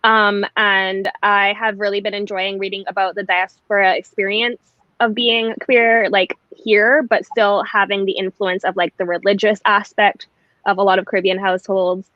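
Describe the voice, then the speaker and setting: A woman's voice: mid-range voice, little pitch movement, normal speed, no echo. Chatty young woman from Barbados. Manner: chatty, laughs easily. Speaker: guest booktuber. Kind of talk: casual live-stream chat. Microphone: video call. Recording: dry dull video call audio.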